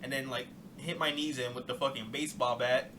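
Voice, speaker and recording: A man's voice: mid-range voice, steady tone, brisk, background noise. A young man chatting casually on a podcast, telling loose rambling stories, swearing a lot and laughing often. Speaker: podcast host. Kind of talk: casual chat.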